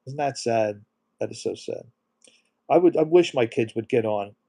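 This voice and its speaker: Middle-aged guy chatting on a live stream, mellow soft voice, gets emotional, reads out comments. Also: mid-range voice, expressive, normal speed. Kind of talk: casual live stream chat.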